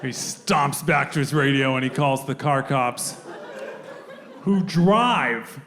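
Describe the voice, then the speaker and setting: A man's voice: medium pitch, animated, slow, background noise. A middle-aged man doing stand-up comedy on stage, telling a story with dry asides and putting on other people's voices. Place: live comedy venue.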